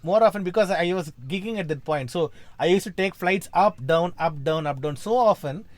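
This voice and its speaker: A man's voice: high voice, moderate pace, no room sound. A man, a composer and podcast guest, explaining in casual chat and breaking into sung or spoken sample words, with frequent restarts.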